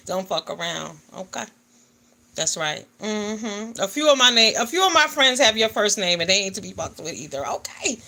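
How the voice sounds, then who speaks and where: Bright-voiced woman chatting on a livestream. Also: fairly high pitch, normal speed. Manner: animated, greets viewers, swings from loud to quiet. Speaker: livestream vlogger. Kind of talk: casual livestream chat. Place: home in the US Northeast.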